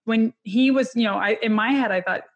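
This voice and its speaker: Breathy woman in her 30s, opening up about her life on an interview, lots of "you know"s. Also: fairly high pitch, highs cut off. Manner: candid, emotional, with many fillers and quick laughs. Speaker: interview guest. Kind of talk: personal storytelling in conversation.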